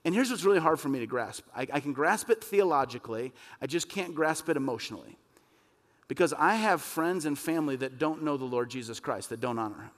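A man preaching a sermon as pastor, impassioned and emphatic, rising to forceful peaks. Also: fairly high pitch, animated, fairly quick. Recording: long reverb of a church hall.

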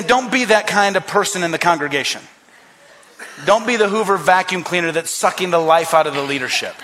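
A man's voice: high-pitched, a bit bright. A man preaching a sermon as pastor, emphatic and repetitive, acting out quoted voices.

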